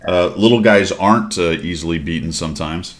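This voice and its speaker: Deep-voiced man telling laid-back anecdotes. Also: fairly quick. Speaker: streamer host. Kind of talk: casual chat.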